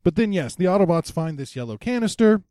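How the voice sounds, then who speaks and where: A man's voice: sits high, sing-song, quick pace, dark tone, no room sound, studio quality. A young man co-hosting a podcast, casually recapping a cartoon episode in a playful way and slipping into silly voices. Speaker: podcast co-host.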